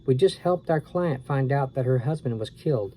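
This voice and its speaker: A calm, caring storybook father explains things gently, as a male reader voices him. His tone is mellow and dark at a medium pitch, with faint background noise. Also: normal speed, close to an everyday voice, rough recording. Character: calm caring father who runs seances. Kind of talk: storybook reading.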